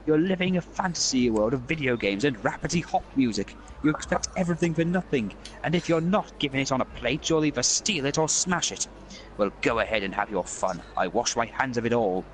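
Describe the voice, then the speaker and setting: Man as a blustering old major, scolding rant, mid pitch. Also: lively intonation, fairly quick, a little hiss or hum, lightly acted, low-quality recording. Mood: scornful. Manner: ranting, scolding. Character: blustering old retired British major, pompous and indignant.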